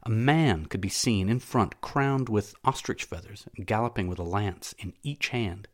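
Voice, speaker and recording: A man narrating a classic novel as an audiobook, in a measured, steady reading. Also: on the low side.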